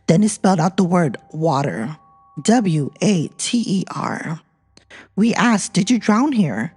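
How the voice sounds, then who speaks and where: A woman's voice: medium pitch, a little mellow. A woman hosting a podcast, reading listener ghost stories aloud and chatting between them. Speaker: podcast host. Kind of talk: casual storytelling podcast.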